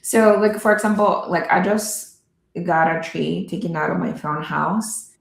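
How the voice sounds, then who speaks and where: Low gravelly lady, laid-back, teasing, echoey room sound. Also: a little slow. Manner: relaxed, laughs easily, teasing. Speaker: podcast co-host. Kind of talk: casual chat.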